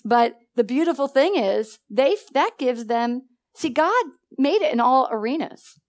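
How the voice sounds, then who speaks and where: Woman, Bible study teacher, bright higher voice, lively, laughs easily, acts out dialogue. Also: a little slow. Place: church meeting room.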